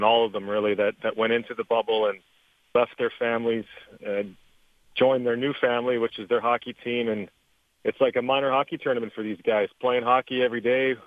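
A man's voice: medium pitch, no echo. A Canadian man, a former hockey player, chatting easily about playoff hockey as a guest analyst over the phone. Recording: tinny phone line, dry.

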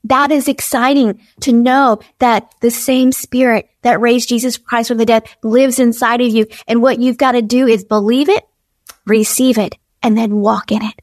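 A woman's voice: a little high, fairly even intonation, moderate pace, dry recording, studio quality. A woman preaching an earnest devotional sermon, repeating phrases and acting out inner dialogue as she exhorts her listeners.

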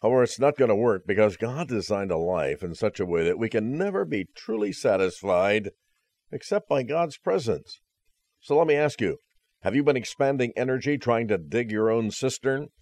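A man's voice: mid-range voice, a little mellow, dry recording. A man preaching a conversational sermon, earnest and direct, with dry jokes at the close. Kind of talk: radio sermon.

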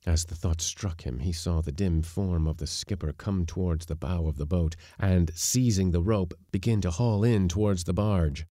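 A man narrating a short story in a steady, measured reading for a podcast. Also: low-pitched, no room sound, clean studio sound. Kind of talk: scripted audiobook narration.

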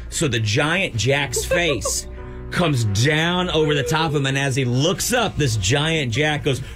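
A man co-hosting a talk show, telling a long funny story in casual chat and acting out the voices of the people in it. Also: mid-range voice. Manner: animated storyteller, acts out quoted voices. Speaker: radio show co-host.

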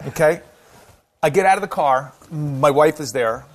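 A man's voice: a little high, moderate pace. A middle-aged American man chatting as a podcast guest, telling stories with a self-deprecating, chatty manner. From United States. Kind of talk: casual chat.

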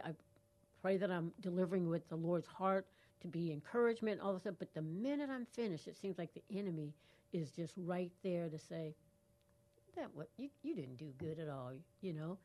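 A woman's voice: on the low side, normal speed, dark tone. A woman co-hosting a call-in radio show, bubbly and laughing often, speaking into a studio microphone. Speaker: radio co-host.

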